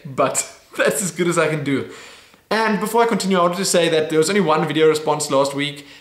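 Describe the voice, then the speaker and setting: A man hosting a casual weekly Q&A video, playful and laughing, slowly sounding out foreign phrases. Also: on the high side, echoey room. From South Africa. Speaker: YouTube host. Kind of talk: casual Q&A chat.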